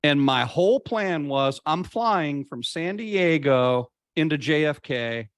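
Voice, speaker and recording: A man's voice: fairly high pitch, animated, dry recording. Earnest man telling his story, dry sound. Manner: earnest, reflective, slows down to stress points. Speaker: podcast guest. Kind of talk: conversational interview storytelling.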